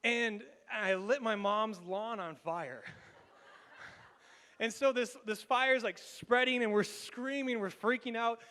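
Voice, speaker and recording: A Canadian man preaching in a church, his fairly high voice trailing off into a long hall reverb. He tells his story in an animated way, with laughs and quick restarts. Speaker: pastor. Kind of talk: storytelling sermon. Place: church sanctuary.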